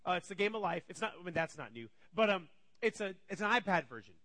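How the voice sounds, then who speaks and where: A man in his thirties preaching, telling a family story and acting out his kids' voices with animated energy. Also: high voice, quick pace. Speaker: pastor. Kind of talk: storytelling sermon.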